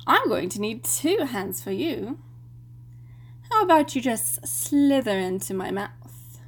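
A woman's voice: fairly high pitch, very animated, gravelly, fairly bright tone, slight background noise, exaggerated voice. A woman playing a teasing young student witch.

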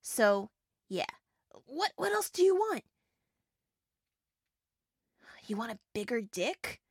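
A woman's voice: a little high, big pitch swings, a little slow, husky, dry recording, studio quality, heavily acted. A young woman voicing a small, chatty female fairy who grants wishes, giggling, rambling and stammering through many fillers in an audio role-play. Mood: flustered.

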